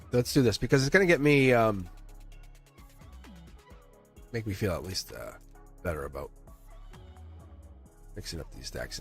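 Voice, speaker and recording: A deep-voiced man runs a livestream tarot reading, rambling and playful, chuckling often as he talks directly to his chat.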